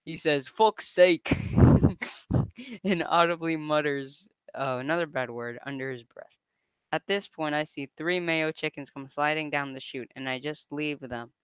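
A man's voice: on the high side, measured pace, clean tone, dry recording. A young man casually reading an online story aloud to a co-host, often breaking into laughter as he reads.

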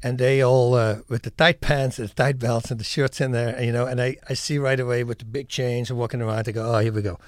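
A man telling lively stories and acting them out in a casual chat, laughing often. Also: medium pitch, brisk, hardly any pauses, dry recording, clean studio sound. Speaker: guest, former fighter and actor. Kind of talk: casual storytelling.

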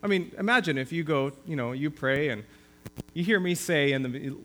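Man, pastor, church sermon, earnest, slightly high voice, emphatic on scripture. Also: normal speed, a bit bright.

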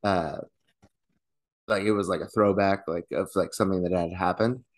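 Deep-voiced man, rambling podcast chat. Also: fairly even intonation, normal speed. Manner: rambling, swearing, laughs a lot. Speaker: podcast co-host. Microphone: desk microphone, leaning in.

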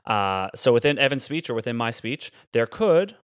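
A man co-hosting a casual podcast chat, playful and quick with short reactions. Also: mid-range voice, very animated, clean tone, no room sound, clean studio sound. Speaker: podcast co-host.

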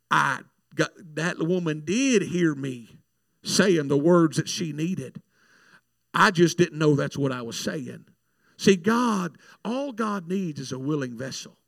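A man, a minister, telling a testimony in a sermon with animated storytelling and repeated words. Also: a little high, creaky, no room sound. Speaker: minister praying at altars.

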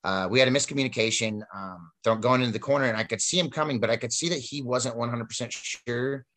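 A man's voice: mid-range voice, fast talker. Man spinning rambling wrestling tales. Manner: rambling, animated storytelling with many fillers. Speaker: wrestler telling stories. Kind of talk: casual storytelling chat.

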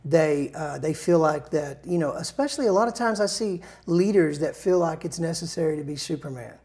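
A man's voice: on the high side, animated, brisk, darkish tone. A male songwriter in a casual interview, rambling through stories with restarts and self-deprecating humor.

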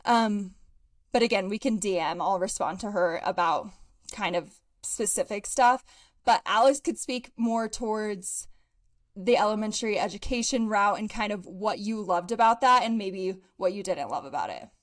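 A woman's voice: mid-range voice, moderate pace. A young woman co-hosting a podcast, chatting casually and upbeat, a little out of breath and laughing often. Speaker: podcast co-host. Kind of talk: casual chat.

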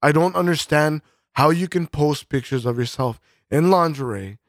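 A man in loose podcast banter, cursing nearly every sentence and stumbling through restarts. His voice sits fairly high, and the recording is dry and close. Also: normal speed, dry recording. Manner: profane, rambling, full of fillers and restarts. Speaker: podcast co-host. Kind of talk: casual podcast chat.

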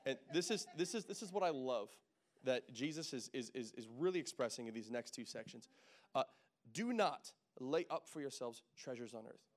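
A young adult man preaching a sermon in a church, joking with the congregation and swinging from quiet, intimate talk to loud bursts, sweating in the heat. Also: medium pitch, animated, normal speed. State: sweating in a hot room. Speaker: pastor. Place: church sanctuary.

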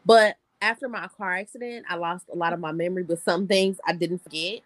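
A woman's voice: fairly low pitch, steady tone, brisk, dry recording. A woman in casual chat, teasing her friend bluntly and with profanity.

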